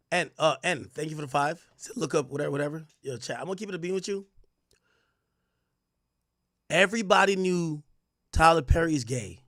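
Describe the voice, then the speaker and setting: A fairly high-pitched young man hosts a casual livestream, animatedly reading the chat aloud and ranting in slang. The recording is dry, with clean studio sound.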